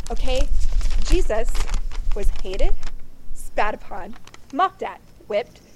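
Teen girl talking to confirmation kids, chatty and earnest, says like a lot, kinda high voice, hissy clicky recording. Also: expressive, slow pace, rough recording. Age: late teens. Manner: chatty, earnest, frequent 'like'. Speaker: youth speaker at a confirmation event. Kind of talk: casual inspirational talk.

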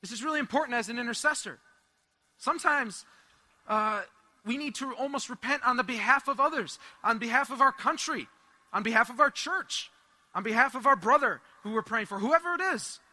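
Young guy preaching, high voice, super bright, chatty story mode. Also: fairly quick. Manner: animated storytelling with laughs and asides. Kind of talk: sermon with personal story.

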